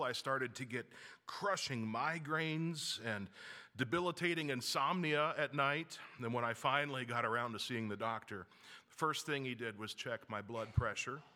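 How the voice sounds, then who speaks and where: A man preaching a sermon as pastor, lively and wryly self-mocking, with humorous asides. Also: medium pitch, moderate pace, in a large hall.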